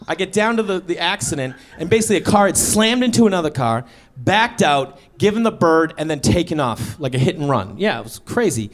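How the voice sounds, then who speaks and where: A man in his thirties doing stand-up storytelling on stage, acting out dialogue and shouting his punchlines. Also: on the high side, very animated, brisk. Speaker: stand-up comedian. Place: stage before a live audience.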